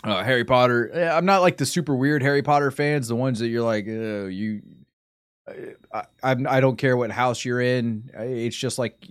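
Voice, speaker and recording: A man's voice: mid-range voice, moderate pace, no room sound. Man, casual streamer chat, rambling, sidetracked, dry close sound. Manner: rambling, sidetracked, self-interrupting.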